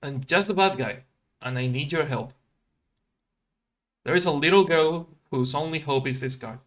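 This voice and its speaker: A streamer voicing a big, gruff brute in a game cutscene, talking low and glum. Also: normal speed, close to an everyday voice. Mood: pleading. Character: big gruff remorseful brute, adult man.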